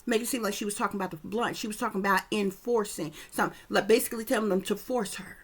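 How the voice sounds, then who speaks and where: A woman's voice: medium pitch, fairly even intonation, fast talker. A woman giving a casual psychic reading, talking emphatically with lots of swearing and often checking that her listeners follow. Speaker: psychic reader.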